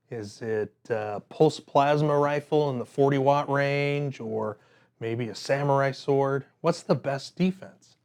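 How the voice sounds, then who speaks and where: A man's voice: medium pitch, darkish tone. A man teaching a workplace safety class, telling personal stories in a conversational way with frequent fillers.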